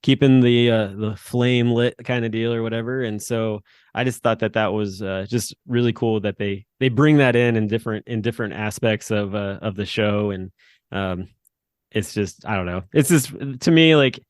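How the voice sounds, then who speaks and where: A man in his thirties co-hosts a podcast, chatting casually and rambling with lots of fillers and restarts. His lowish voice is smooth and moves at a normal speed. The recording is dry, with clean studio sound.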